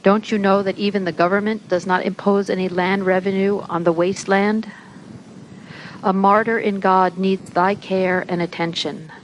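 The voice of God, patient and reproving, as a woman reads it aloud. The delivery is slow, measured and solemn at a middling pitch. Faint hiss rests behind it. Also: level tone, close to an everyday voice, rough recording.

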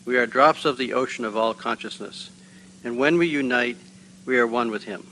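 Bright-toned man reading spiritual texts. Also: medium pitch, a little hiss or hum, low-quality recording. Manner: measured, with hesitant asides. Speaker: reader at a spiritual gathering. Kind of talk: reading a spiritual text aloud.

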